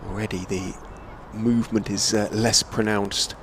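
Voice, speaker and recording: Low-voiced cricket commentator. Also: male voice, a little hiss or hum. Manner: measured, chatty, lifts to excited calls on big shots. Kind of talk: radio-style ball-by-ball commentary. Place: commentary position on a stadium hotel roof.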